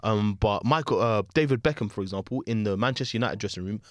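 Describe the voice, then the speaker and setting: Fast-talking man hosting. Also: lowish voice. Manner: rapid, slangy, enthusiastic. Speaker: podcast host. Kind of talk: casual sports chat.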